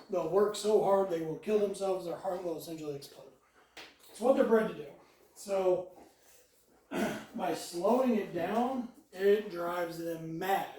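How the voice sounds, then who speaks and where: A dog trainer giving calm instructions while walking a dog, mixing explanations with short praise and commands. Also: medium pitch. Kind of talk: hands-on dog training lesson. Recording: roomy sound, mic far off.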